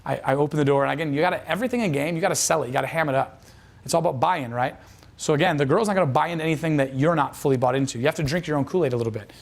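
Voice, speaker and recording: A man's voice: fairly high pitch, rapid-fire, gravelly. A man telling a dating coach's story as a lesson, casual and profane, with lots of fillers. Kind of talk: instructional storytelling.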